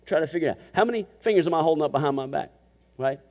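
A man preaching a sermon as pastor, animated and emphatic, sometimes slipping into mocking voices to make a point. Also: a little high, very fast. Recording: muffled, long church reverb.

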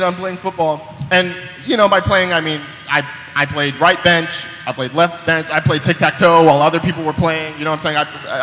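A man's voice: on the high side, bright, forceful tone, slight background noise. A young man preaching a sermon in a conversational way, often repeating words as he starts a sentence, recorded in a church hall. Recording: echoey hall with long reverb.

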